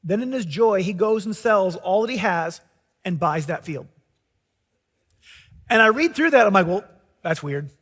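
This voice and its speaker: A man preaching a sermon as pastor, telling a parable as a lively story and acting out the characters' lines. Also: high-pitched, in a large hall.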